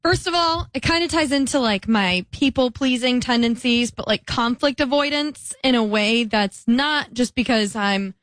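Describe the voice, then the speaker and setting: A woman's voice: on the high side, normal speed, few pauses, a bit bright, no echo. A young woman co-hosting a podcast, talking candidly in a rambling casual way with lots of "like" fillers. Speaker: podcast co-host. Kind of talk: casual chat.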